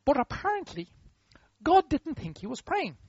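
High, lively preacher. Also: male voice, moderate pace, no echo. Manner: conversational, humorous, acts out quotes. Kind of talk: sermon. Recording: dull lo-fi sound.

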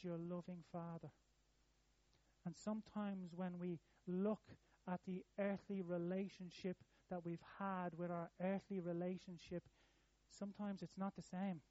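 A man preaching a sermon in an earnest way, rising in pitch and volume when he repeats a phrase. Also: mellow, dry recording, muffled recording.

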